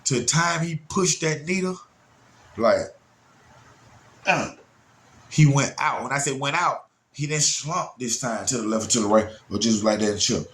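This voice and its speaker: A man telling a story from his childhood in a casual, animated way, talking straight to his listeners and swinging his pitch widely for emphasis. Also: normal speed, long pauses. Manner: talks straight to listeners, often with "y'all" and "man".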